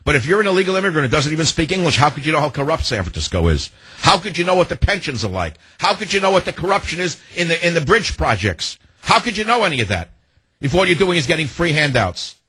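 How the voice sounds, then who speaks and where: A male talk radio host tears into his topic with a combative, hectoring delivery. His voice has a slightly husky grain, and he leans on pointed rhetorical questions. The sound is dry and close, as from a studio microphone. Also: a little high, big pitch swings, fast talker, bright, forceful tone, no echo.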